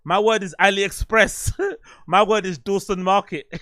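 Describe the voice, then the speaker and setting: A man's voice: high-pitched, pushed and bright, dry recording, studio quality. A man hosting a casual livestream chat, rambling, swearing and running himself down. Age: adult, "you get older". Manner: swearing, rambling, self-deprecating. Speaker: podcast host.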